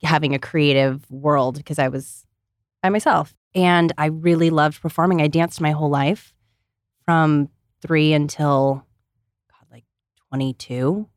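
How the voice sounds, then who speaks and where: A woman's voice: low-pitched, fairly even intonation, a little slow, long pauses, no echo, studio quality. A woman in her thirties from Ohio, chatting as a podcast guest in a bubbly way, full of "like" fillers. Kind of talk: casual chat.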